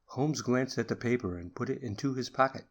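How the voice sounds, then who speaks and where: Calm male audiobook narrator. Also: medium pitch. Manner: measured, unhurried reading. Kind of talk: storybook narration for sleep.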